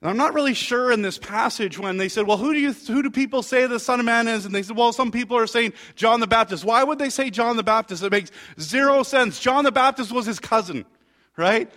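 A man with a high voice preaching a sermon. He tells the story with animation and reads scripture aloud, sometimes sinking to a quiet, low tone. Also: brisk. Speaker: pastor.

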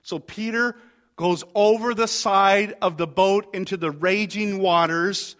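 A man with a high voice preaching a sermon. He tells the story with animation and reads scripture aloud, sometimes sinking to a quiet, low tone. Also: steady tone, a little slow. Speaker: pastor.

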